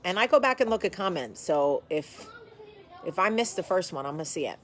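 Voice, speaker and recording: A woman's voice: lowish voice, expressive, a little fast. A woman hosting a casual chat to camera from her home, blunt and sassy in manner. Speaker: host.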